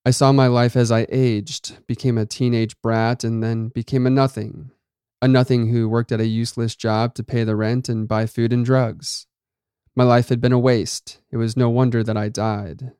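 A man narrating a first-person story in a measured, dramatic reading. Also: medium pitch, flat delivery, a little mellow, clean tone, dry recording, clean studio sound.

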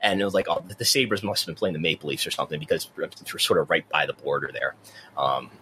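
Deep-voiced man hosting a podcast. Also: quick pace, bright, forceful tone, slight background noise. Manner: chatty, repeats words when starting sentences. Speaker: podcast co-host. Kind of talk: casual podcast chat.

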